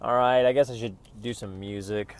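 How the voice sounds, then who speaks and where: A man's voice: mid-range voice, steady tone, normal speed, clear, resonant tone, no echo. A man ranting casually to camera in a profane, rambling, frustrated way, with music playing faintly behind him. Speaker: vlogger.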